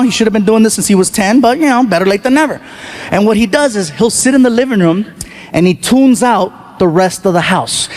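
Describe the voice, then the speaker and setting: A middle-aged man performing a stand-up comedy routine, telling animated stories and acting out the voices of his family. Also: high-pitched, a little hiss or hum. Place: comedy stage with a live audience.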